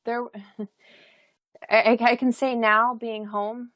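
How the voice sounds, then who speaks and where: A woman's voice: on the high side, flat delivery, slow, fairly bright tone, no echo. A young adult woman, a podcast guest, telling a personal story in a chatty way, full of fillers and restarts and frequent laughs.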